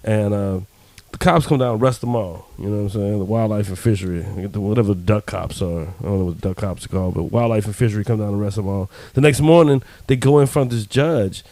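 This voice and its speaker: A man's voice: lowish voice, fast, few pauses, mellow, no room sound. A man co-hosting a podcast, telling a joke in a laid-back, rambling, slangy way. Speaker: podcast co-host. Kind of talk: casual chat, joke telling.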